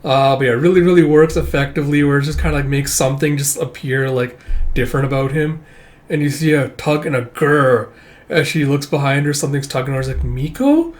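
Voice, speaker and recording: Chatty guy doing a manga read-through, rambly with lots of uhs and likes, mid pitch. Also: fairly even intonation, fast talker. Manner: rambling, frequent fillers, casual swearing. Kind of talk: casual reading commentary.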